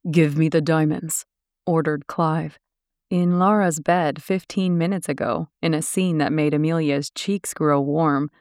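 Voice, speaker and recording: A woman reading an audiobook in steady, descriptive scripted narration. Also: sits low, a little slow, no room sound, studio quality.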